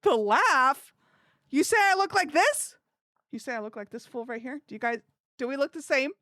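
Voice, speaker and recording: A woman streaming live, chatting with her viewers in a bright, giggly, animated voice. Her pitch sits a little high and leaps all over the place. The sound is dry and close, with no room echo. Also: moderate pace. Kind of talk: casual live stream chat.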